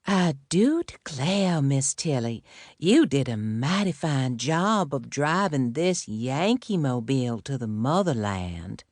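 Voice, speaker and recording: A woman's voice: a bass voice, sing-song, takes it slowly, darkish tone, no room sound, clean studio sound, exaggerated voice. A narrator voicing a playful woman tour guide who speaks in an exaggerated, genteel put-on Southern accent. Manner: teasing, exaggerated genteel drawl.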